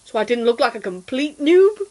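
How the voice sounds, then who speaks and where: A young British woman chatting casually while streaming a game, self-deprecating and quick to giggle and exclaim. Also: a little high, very animated, dark tone, low-quality recording. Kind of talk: casual gameplay chat.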